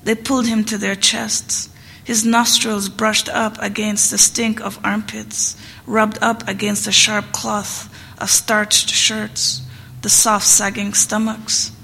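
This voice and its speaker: A woman reads literary fiction aloud in a steady, restrained narration with a flat melody and a gravelly fry. The recording has a long reverb and a faint hiss behind it. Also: mid-range voice, slow pace. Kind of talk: audiobook reading of literary fiction. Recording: reverberant room, faint background noise.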